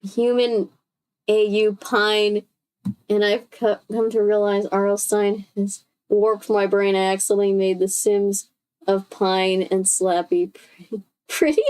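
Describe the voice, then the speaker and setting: A woman's voice: mid-range voice, level tone, a little slow, darkish tone, smooth. A woman reading a children's horror book aloud on a stream, breaking off for chatty, swearing asides. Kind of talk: casual read-aloud on a stream.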